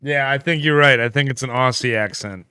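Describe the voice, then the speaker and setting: Bright, smooth-voiced man musing on a livestream. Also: mid-range voice, a little fast, no room sound. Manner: relaxed, musing aloud with fillers and laughs. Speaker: livestream co-host. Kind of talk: casual livestream chat reading comments.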